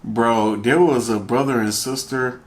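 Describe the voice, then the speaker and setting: A man's voice: mid-range voice, steady tone, a little slow. Chatty male reaction-video host. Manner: loose, chatty, laughs often. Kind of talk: casual reaction commentary.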